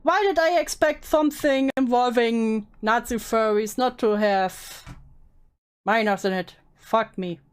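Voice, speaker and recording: Casting: chatty, giggly female streamer with a slightly high voice, blunt asides. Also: a little slow, clear, resonant tone. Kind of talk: casual live-stream reaction.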